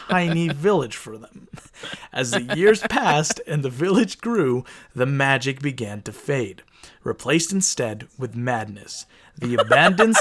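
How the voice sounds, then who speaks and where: Man, comedy podcast co-host, mid-pitched, casual chat, reads stories aloud. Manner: reads from notes, then riffs with swearing and laughs.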